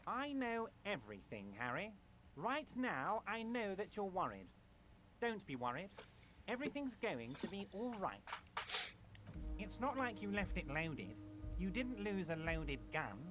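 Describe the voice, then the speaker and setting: Guy doing a high sing-song union boss, all fake friendly and sneaky, music under it. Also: sing-song, a little slow. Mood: smug reassuring. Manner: syrupy, falsely friendly, veiled threats. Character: smug scheming male union boss, middle-aged. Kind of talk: game dialogue read aloud on stream.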